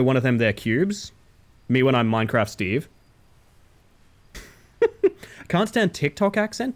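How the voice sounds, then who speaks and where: A man streaming a game live, chatting casually with his viewers in a playful, animated way and swearing freely. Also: mid-range voice. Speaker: livestreamer. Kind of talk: casual chat while gaming live.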